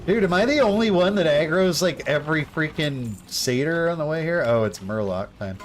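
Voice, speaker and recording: A man's voice: fairly high pitch, animated, moderate pace. Young man, casual game streamer, rambling slangy chat, faint music behind. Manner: laid-back, rambling, slangy with lots of "like" and "dude".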